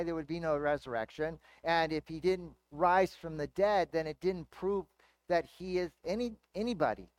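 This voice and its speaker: A pastor preaching a sermon in an easy, conversational teaching manner, asking the congregation rhetorical questions. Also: male voice, on the high side, no echo.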